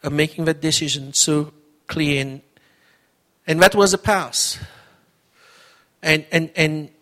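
A man's voice: a little high, takes it slowly, fairly bright tone. A middle-aged man preaching as a pastor, telling his testimony in an earnest, conversational way, often repeating words. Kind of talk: testimony sermon.

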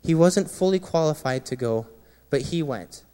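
A man, a former Marine, sharing an earnest personal testimony with a gathering, often dropping quiet and low at painful moments. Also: lively intonation, moderate pace, clear, resonant tone. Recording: long reverb of a large hall.

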